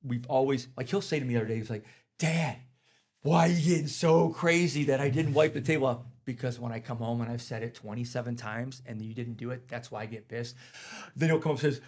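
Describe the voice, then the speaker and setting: A man's voice: mid-range voice, brisk, a little mellow. A man on a podcast telling heartfelt stories about his kids in casual chat, getting emotional. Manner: earnest, emotional storytelling. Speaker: podcast guest.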